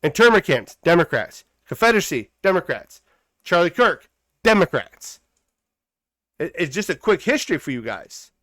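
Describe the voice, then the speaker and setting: A man's voice: a little high, big pitch swings, moderate pace, fairly bright tone, dry recording. A man hosting a political commentary podcast, talking in a heated, preachy way and repeating phrases for emphasis. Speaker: podcast host.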